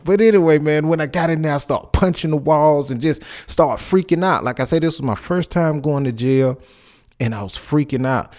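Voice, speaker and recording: A man's voice: on the high side, normal speed, darkish tone. A man in his forties hosting a podcast, giving casual commentary and personal stories in a loose, rambling way with many restarts. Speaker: podcast host.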